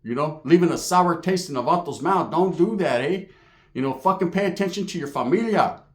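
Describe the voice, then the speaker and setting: A streetwise man, talking straight to his viewers and swearing freely. His voice sits a touch high for a man, with Spanish words dropped in here and there. The room around him echoes noticeably. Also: animated, brisk. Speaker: YouTube vlogger. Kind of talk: casual talk to camera.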